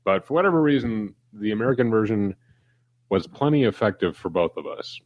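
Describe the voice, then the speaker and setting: A man co-hosting a casual podcast chat, telling stories in an animated way. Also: fairly low pitch, a little fast, no echo, lo-fi sound. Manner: animated storyteller. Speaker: podcast co-host.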